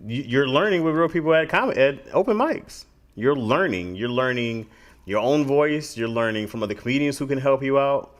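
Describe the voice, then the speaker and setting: A man's voice: medium pitch, normal speed. A man co-hosting a casual podcast, talking bluntly and repeating his points for emphasis. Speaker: podcast co-host. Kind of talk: casual chat.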